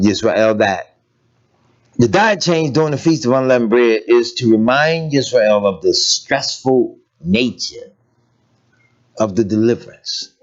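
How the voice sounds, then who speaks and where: A man preaching a sermon in a lively, conversational way, asking rhetorical questions and laughing as he goes. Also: mid-range voice. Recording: dull lo-fi recording.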